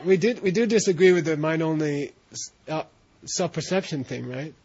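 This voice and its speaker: A man's voice: fairly high pitch, moderate pace, darkish tone, husky. A man teaching a class, often checking in with his students as he explains, in a dull lo-fi recording of a classroom. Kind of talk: classroom instruction.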